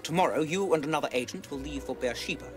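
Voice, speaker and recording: An actor playing a commanding intelligence officer, measured and authoritative. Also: male voice, on the high side, close to an everyday voice. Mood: briefing. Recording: music score under the dialogue.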